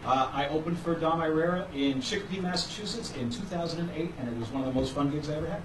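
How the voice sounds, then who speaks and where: A man works through a stand-up set in a punchy, self-mocking way, his voice pitched high for a man. He is picked up from a distance in a roomy live club, with a clear hiss under the sound. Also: quick pace. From Boston. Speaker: comedian doing a short set. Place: comedy club stage.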